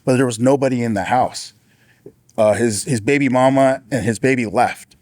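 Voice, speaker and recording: A man, a former deputy, giving an earnest personal testimony in a casual storytelling way, with frequent restarts and raised-pitch impressions of the people he quotes. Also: normal speed, a little mellow, no room sound, studio quality.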